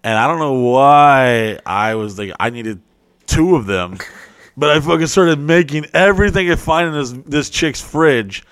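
A young adult man telling a profane, animated story on a podcast, acting out his friends' voices. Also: a little high, a little slow, smooth, no echo. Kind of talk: crude storytelling.

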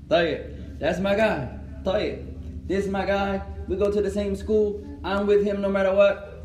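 Man, religious teacher, high voice, animated, quizzes the class, roomy echo. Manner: animated, switches between Arabic and English, asks the class questions. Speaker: Islamic teacher. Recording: echoey room.

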